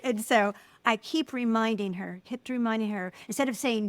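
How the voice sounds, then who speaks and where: A middle-aged woman talks as a guest in a casual interview, her voice sitting a little high. She tells stories with lively energy and slips into quoted voices as she goes. The sound is close and dry, with no room echo. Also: moderate pace, few pauses. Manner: animated storyteller, acts out quoted voices. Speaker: guest, filmmaker.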